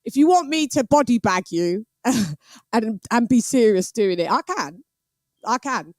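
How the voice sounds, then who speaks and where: A woman hosting a live boxing stream, animated and laughing as she talks back to her chat. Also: a little high, unhurried, dry recording. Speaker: boxing show host.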